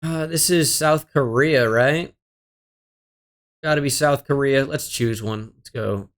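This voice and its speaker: A man's voice: medium pitch, takes it slowly, fairly bright tone. A young man giving casual running commentary while playing a geography guessing game, muttering his guesses and cursing his luck with self-deprecating, exasperated remarks. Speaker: gaming streamer.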